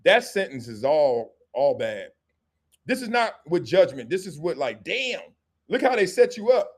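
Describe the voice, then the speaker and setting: A middle-aged man hosting a live show, commenting on sports and culture in a joking, animated way and acting out quick skits. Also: on the high side, slightly rough. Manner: animated and joking, slips into quick acted-out skits with different voices. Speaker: host.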